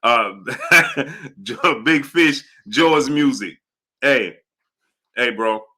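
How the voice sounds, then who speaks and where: A man hosting a casual boxing livestream, giving shout-outs and laughing often as he talks. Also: medium pitch, takes it slowly. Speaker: livestream host.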